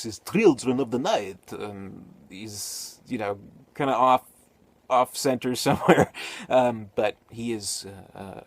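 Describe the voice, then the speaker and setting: A man giving a casual spoken movie review, rambling with many fillers and restarts. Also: on the low side.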